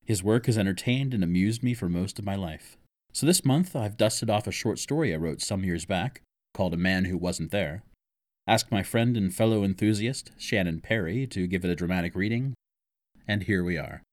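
Guy with a really low voice introducing a story reading, dry close sound. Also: moderate pace, darkish tone, no room sound. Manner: enthusiastic, chuckling fan. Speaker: host. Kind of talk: scripted introduction.

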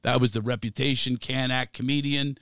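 A middle-aged man, a comedian guest on a podcast, telling an animated anecdote and laughing between lines. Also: mid-range voice, fairly quick, clear, resonant tone, no room sound, clean studio sound. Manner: animated, acts out voices, laughs through his lines.

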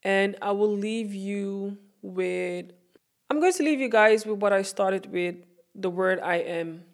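A woman records herself hosting her own motivational podcast, speaking earnestly and from the heart while repeating phrases for emphasis. Her voice is medium-pitched and slow.

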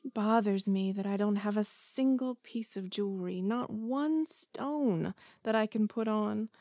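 An actress playing a discontented young wife who longs for luxury, in an audio drama, speaking plaintively. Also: female voice, mid-range voice, unhurried, mellow, no room sound, natural voice. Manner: plaintive, wistful. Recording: dry close studio sound.

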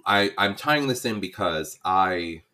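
A man's voice: low voice, animated, slow, sharp tone. A man in casual chat, telling a long-winded, emotional story about a film.

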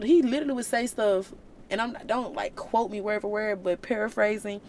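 Animated woman preaching casually. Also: on the high side, normal speed, slight background noise. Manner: colloquial, animated, conversational. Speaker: Christian vlogger.

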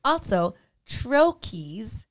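A woman's voice: fairly high pitch, very animated, drawn-out words. A middle-aged woman co-hosting a casual chat about hymns, explaining poetry in an earnest, explanatory way. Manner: explanatory, reads notes aloud. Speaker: podcast co-host.

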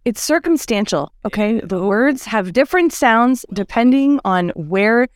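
A woman's voice: on the high side, lively intonation, a little slow, dry recording. Blunt chatty woman. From Boston. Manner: blunt, chatty, swears freely. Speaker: podcast guest. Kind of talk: casual chat.

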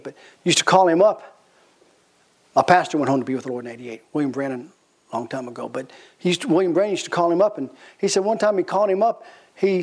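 A male pastor delivering a sermon in a notably high voice. He tells his stories with lively, animated energy and circles back over his phrases for emphasis. He breaks into laughter as he preaches. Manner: animated storytelling, repeats phrases; laughs while telling stories.

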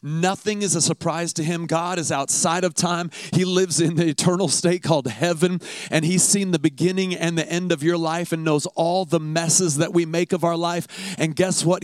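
A man's voice: fairly high pitch, smooth, no room sound. A man preaching a sermon in a conversational, emphatic way, often repeating words for effect.

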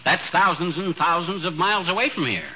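An actor playing a brash, boastful wisecracking husband in 1940s radio comedy acting. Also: male voice, sits high, lively intonation, fairly quick, sharp tone, lo-fi sound, heavily acted. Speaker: comic lead, husband. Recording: hissy old radio recording.

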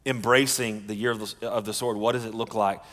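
A male pastor preaching with a low voice. His earnest delivery stops and restarts often, and his words carry a long reverb through a large church hall. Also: fairly even intonation, fairly bright tone. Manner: earnest, halting, with frequent restarts. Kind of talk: sermon.

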